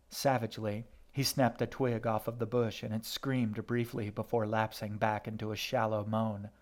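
A man reading a story aloud in steady, even scripted narration. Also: fairly low pitch, moderate pace.

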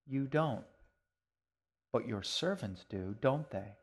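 A man's voice: mid-range voice, animated, takes it slowly, breathy edge. A man voicing a curious young girl in a storybook reading, earnest and full of questions. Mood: eager.

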